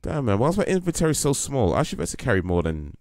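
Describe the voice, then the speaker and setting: Low creaky guy rambling on his game stream, lively ups and downs. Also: very fast. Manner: rambling, lots of fillers, joking. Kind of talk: casual live-stream chat.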